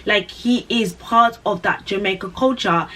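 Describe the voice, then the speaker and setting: A woman vlogger giving her opinion in an animated way, with lots of "like" and rhetorical questions. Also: medium pitch, a little slow, far from the mic, poor audio. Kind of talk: opinion commentary.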